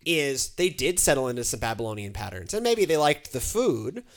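A woman from Texas, a pastor co-hosting a podcast, talking in a chatty, animated way with many fillers and restarts. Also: very deep voice, moderate pace. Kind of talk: casual chat.

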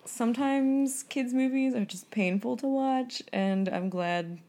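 A woman co-hosting a casual podcast, talking in a relaxed way and saying "like" often. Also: on the high side, slow, slight background noise. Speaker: podcast co-host. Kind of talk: casual chat.

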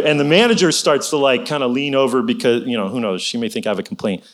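Speaking fast at a medium pitch, a middle-aged man gives a personal testimony of faith in a conversational preaching style. He keeps exhorting listeners and slipping in "you know."

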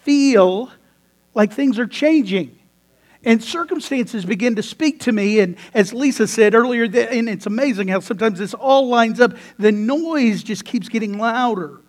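A male pastor with a high voice preaches in church. He tells his stories with lots of energy, stumbles and restarts, and laughs along with the congregation. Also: normal speed. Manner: animated storytelling with laughs and repeated restarts. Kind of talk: sermon.

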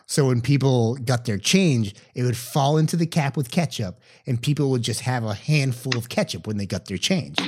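A young man, co-hosting a podcast and telling stories in casual chat, acting out the people he quotes and swearing freely. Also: mid-range voice. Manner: animated storyteller, acts out quotes, swears freely. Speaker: podcast co-host.

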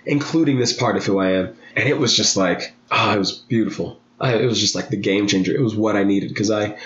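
Earnest, animated man in a podcast chat. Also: fairly quick, echoey room, muffled recording. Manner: earnest, animated, rising to high emphatic peaks. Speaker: guest. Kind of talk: candid podcast conversation.

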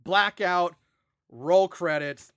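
A man co-hosting a casual horror movie podcast, retelling the plot in an animated, profane way. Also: high voice, drawn-out words, clear, resonant tone, dry recording, studio quality. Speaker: podcast co-host. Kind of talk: casual movie recap chat.

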